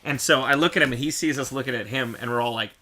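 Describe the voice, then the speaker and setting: A man hosting a podcast, chatting casually and telling lively stories. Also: mid-range voice, quick pace. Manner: animated storyteller, shouts in re-enactments. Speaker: podcast host. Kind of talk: casual chat.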